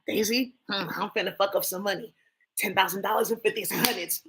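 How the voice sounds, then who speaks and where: A woman hosting a tarot stream, talking in a blunt, profane, animated rant, often talking to herself. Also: mid-range voice, a little fast. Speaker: tarot livestream host. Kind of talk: casual ranting monologue.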